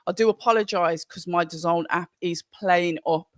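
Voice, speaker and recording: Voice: medium pitch, moderate pace, no room sound, clean studio sound. A host with a Birmingham accent gives casual live commentary on a stream. They ramble chattily and greet viewers by name as they read the chat. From Birmingham, England. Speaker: livestream watch-along host.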